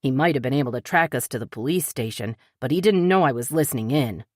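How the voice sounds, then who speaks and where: A woman's voice: a bass voice, animated, quick pace, a little mellow, no room sound, studio quality. A woman narrator voicing a suspicious, nosy young woman deputy who grumbles. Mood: grumbling.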